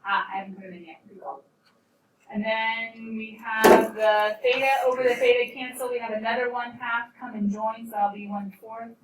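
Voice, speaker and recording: A woman teaching a calculus class, playful and lively, quizzing her students as she works through problems. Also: fairly high pitch, normal speed. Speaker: math teacher. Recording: roomy classroom, distant mic, faint noise.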